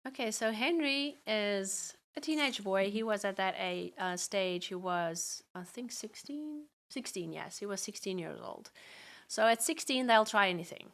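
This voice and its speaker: A middle-aged woman shares a family story as a testimony, taking on the quoted lines of each person as she speaks. Her voice sits at an ordinary middle pitch. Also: expressive, a little slow, a bit bright. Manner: acts out quoted dialogue in the story. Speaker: guest sharing a testimony.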